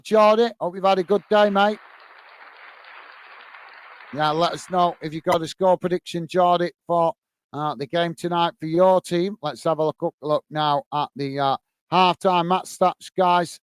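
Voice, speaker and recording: A man's voice: sits high, steady tone, moderate pace, clear, resonant tone, no room sound, some chatter behind. A man with a British accent hosting a football watch-along, calling the play and chatting with viewers by name, with frequent "uh" fillers. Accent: British English. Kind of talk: live football commentary and chat reading.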